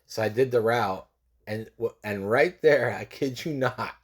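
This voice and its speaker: A man's voice: medium pitch, unhurried, breathy edge. A man in his forties from California telling a personal story in a casual way, repeating phrases and acting out the people he quotes. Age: 40s.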